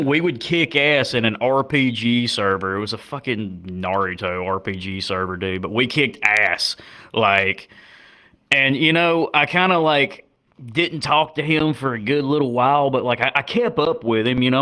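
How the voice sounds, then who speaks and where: A young American man, a comedian guest on a podcast, telling stories in a laid-back, cursing style, jumping into loud high bursts when quoting. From United States. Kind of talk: casual storytelling chat.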